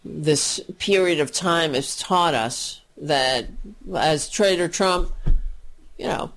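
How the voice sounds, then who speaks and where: A woman giving an exasperated, profane political rant, mocking the people she talks about. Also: lowish voice.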